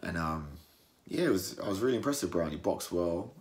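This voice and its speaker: A young man from England, giving a casual post-fight reaction and acting out the fighters in mocking voices. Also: fairly quick. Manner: animated, acts out fighters' words in mocking high voices. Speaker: boxing commentator.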